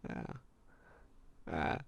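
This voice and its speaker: A man's voice: drawn-out words, a bit bright. A man running a tabletop game as game master, playful, laughing often and swearing casually.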